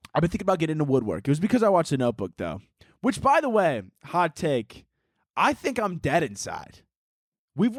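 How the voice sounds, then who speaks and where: A man's voice: a little high, no echo, studio quality. A man hosting a solo comedy podcast, rambling goofily and slipping into mock-dramatic narration. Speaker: podcast host.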